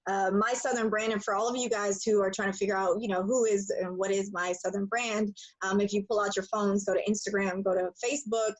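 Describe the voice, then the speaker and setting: A woman in her thirties hosts a casual interview in a mid-pitched voice. She talks in an upbeat, chatty way and restarts her phrasing as she lines up each question. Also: steady tone, a little fast, hardly any pauses, low-quality recording. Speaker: show host.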